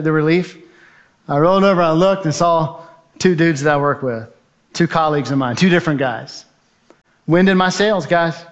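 A man's voice: a little high, fairly bright tone, lo-fi sound. A man giving a testimony as a speaker, telling his story vividly and urgently and acting out the voices in it. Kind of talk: dramatic personal storytelling speech.

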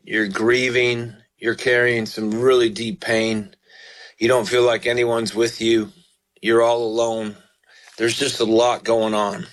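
A man's voice: fairly low pitch, poor audio. A man hosting a radio broadcast, reading scripture and preaching in an earnest, pastoral way straight to his listeners before praying fervently. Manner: reads scripture slowly and prays fervently.

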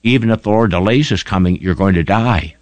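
A man's voice: low voice, a little fast, darkish tone, no echo. A man preaching a broadcast sermon, making an earnest, pleading appeal to his listeners. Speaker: radio preacher.

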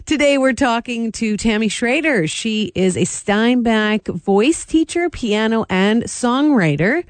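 A woman's voice: fairly high pitch, sing-song, slow pace, no echo. A woman hosting a radio news segment in an upbeat, smiling way, on a studio mic. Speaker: radio host.

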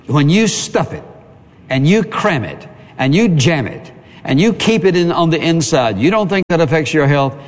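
A pastor giving an earnest sermon to a congregation and calling for amens. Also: male voice, a little high, sing-song, moderate pace. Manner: earnest preaching with call for amen. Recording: reverberant hall.

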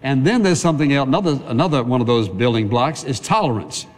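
A man delivers a sermon in an earnest, conversational way, stacking phrase upon phrase. His voice sits at a middling pitch. The sound carries the long reverb of a large hall. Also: fast. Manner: earnest, conversational preaching with repetition. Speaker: pastor.

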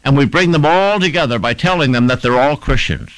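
A man's voice: medium pitch, a little fast, fairly bright tone, no echo, rough recording. A man preaching a sermon, stressing his points and repeating phrases in rhythmic lists.

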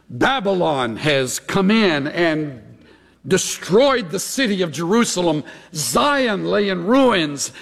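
A man preaching a sermon, slow and dramatic, his voice swinging from loud outbursts to a near whisper. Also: on the high side, creaky, in a large hall. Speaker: pastor.

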